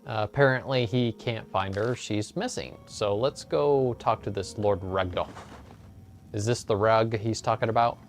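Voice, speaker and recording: A low-voiced man chatting casually as he plays a fantasy video game. He jokes along with light filler words in a laid-back way. Faint game music plays beneath his voice. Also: measured pace. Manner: relaxed, joking, with frequent filler "uh". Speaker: let's play host. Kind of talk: casual gameplay commentary.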